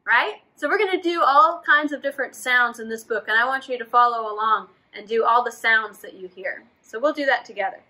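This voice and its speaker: A woman's voice: fairly high pitch, fairly quick, few pauses, bright, forceful tone, poor audio. A woman leading a preschool storytime, reading a picture book aloud and coaxing the children to join in with playful sound effects.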